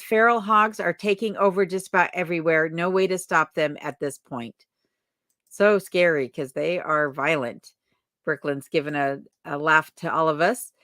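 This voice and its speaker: A woman living in Alaska hosts a livestream chat, reading viewer comments aloud and greeting people by name in a friendly, chatty way. Her voice is low-pitched and a bit bright, recorded at studio quality with no echo.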